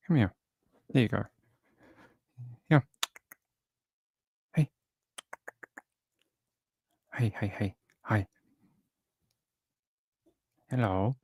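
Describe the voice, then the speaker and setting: An Australian man who runs a livestream show, chatting casually and cooing softly to his cat at home into a desk microphone. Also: medium pitch, animated, slow, vocal fry, long pauses, no echo, clean studio sound. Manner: soft, chatty and rambling, coos at his cat. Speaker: true crime streamer. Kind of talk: casual chat during a livestream. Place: home, indoors.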